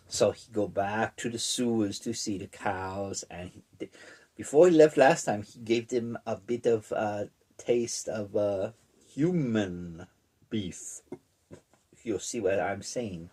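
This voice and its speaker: A man giving a comedic summary of a horror book, deadpan and in deliberately broken caveman-style English. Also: lowish voice, slightly rough.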